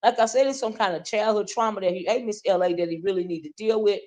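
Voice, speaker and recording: A woman with a mid-range, dark-toned voice talks quickly as she hosts a livestream. Reading chat and addressing her viewers directly, she rants casually and keeps checking in with "right?" and "okay?".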